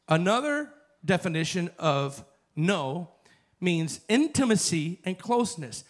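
Pastor, male, high voice, chatty sermon delivery that climbs into fervent calls. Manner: conversational, builds to fervent shouting.

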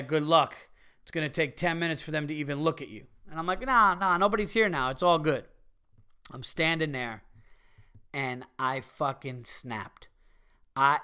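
A middle-aged man hosting a podcast, telling a profane, animated story with bursts of exasperation. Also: on the high side, clear, resonant tone. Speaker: podcast host. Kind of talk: casual comedic storytelling rant.

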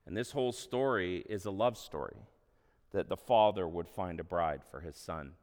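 A pastor preaches in a plain, earnest, conversational way and drops in casual asides. He is a man with a somewhat low voice. The sound rings with the long reverb of a church hall. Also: normal speed, darkish tone. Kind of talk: sermon.

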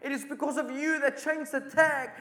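A man voicing an older army general and anguished father who shouts and pleads in an echoey church hall. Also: very high-pitched, steady tone, normal speed, pitched above the performer's own voice. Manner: shouting, pleading, repeating himself.

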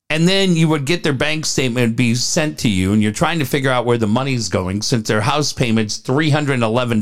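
Animated, profane talk-radio man. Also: on the high side. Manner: profane, animated storytelling rants. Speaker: radio co-host. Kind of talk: casual talk radio with live ad reads.

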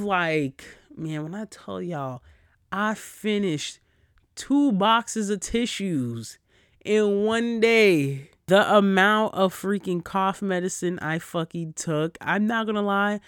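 Male solo podcaster, a touch high, cussing, animated, close and dry. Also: slow, smooth, no room sound. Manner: profane, animated storyteller. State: recovering from a cold. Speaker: podcast host. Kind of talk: casual solo podcast rant.

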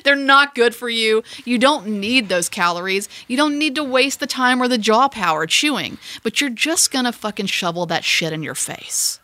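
A woman co-hosting a podcast, talking in loose, rambling casual chat. Her voice is bright and forceful, close and dry with no room around it. She swears freely and pokes fun at herself. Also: on the high side, normal speed, hardly any pauses, no echo. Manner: rambling, animated, profane and self-mocking. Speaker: podcast co-host.

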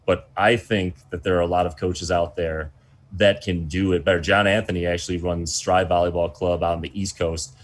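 Guest spot: american man, low deep voice, sincere, a bit worn out from short sleep. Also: level tone, moderate pace. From United States. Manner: earnest, heartfelt, restarts phrases. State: tired from little sleep. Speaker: volleyball coach, guest. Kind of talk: casual interview talk.

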